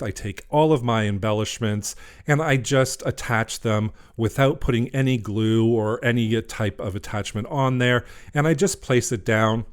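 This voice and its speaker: A man narrating his own wreath-making craft video in a casual, chatty way, laughing at his own slip-ups. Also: on the low side. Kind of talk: casual craft tutorial voice-over.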